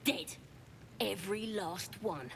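A woman's voice: medium pitch, slow pace, creaky, slight background noise. An actress voicing a scrappy young female goblin in a video game, with a brash, bossy manner and an Australian-sounding accent.

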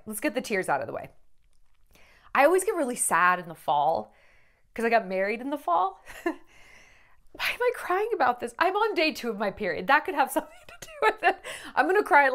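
Woman vlogger, lively pitch, raw and unfiltered, swears freely. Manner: candid, profane, rambling; emotional, tearful at times. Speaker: celebrity gossip vlogger. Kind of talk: casual vlog monologue.

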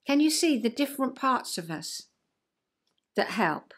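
A woman's voice: on the high side, unhurried, pauses often. An older woman hosting a casual chat, telling stories expressively in a homely way. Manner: expressive storyteller, acting out dialogue, homely. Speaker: host.

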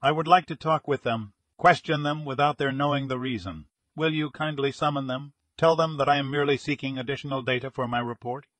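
A man's voice: medium pitch, brisk, few pauses, a bit bright, dry recording, natural voice. A man voicing a relentless male police inspector who presses with blunt questions in a detective audiobook. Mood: insistent.

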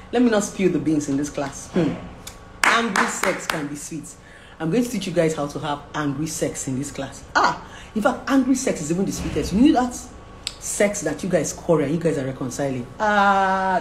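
A woman chats candidly with her viewers, teasing and laughing. Her voice sits a little low for a woman. The room echoes, with a faint hiss underneath. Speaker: relationship coach. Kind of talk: frank casual vlog talk.

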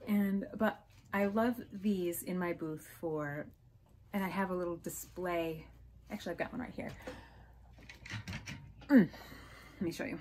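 A woman's voice: lowish voice, measured pace, pauses often, a little mellow. A woman talks through her thrift haul in an easy, chatty show-and-tell, gushing over each little find. She is hiccuping now and then, and a faint hiss sits under her voice. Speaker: resale vlogger.

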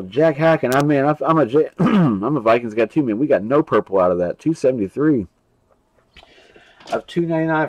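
A man's voice: mid-range voice, a little mellow, poor audio. A young man hosting a live card break stream, casually rambling and reading off names and card numbers.

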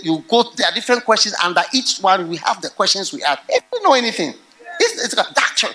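A middle-aged man preaching a sermon, telling stories with animated swings into loud, laughing outbursts. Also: high voice, fast talker. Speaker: pastor.

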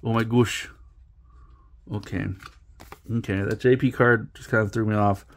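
A man's voice: on the low side, steady tone, unhurried. A man hosting a casual card pack-opening video, rambling and joking at himself as he stumbles over card names. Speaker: card-opening channel host.

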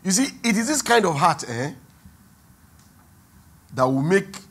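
A man with a Nigerian accent, preaching a sermon as pastor, who swings from quiet asides to loud, drawn-out emphasis. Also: high-pitched, big pitch swings, slightly rough. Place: church hall.

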